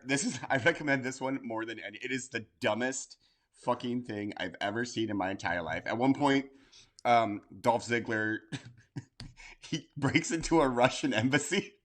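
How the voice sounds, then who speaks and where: A man co-hosting a casual wrestling podcast, talking in an excitable, hyper way, swearing and laughing as he goes. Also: mid-range voice. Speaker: podcast co-host.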